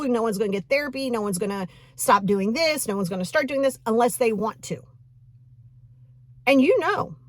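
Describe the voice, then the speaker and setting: A woman's voice: on the high side, no room sound. A woman hosting a podcast as a coach, talking casually and animatedly, laughing often as she retells what a client told her.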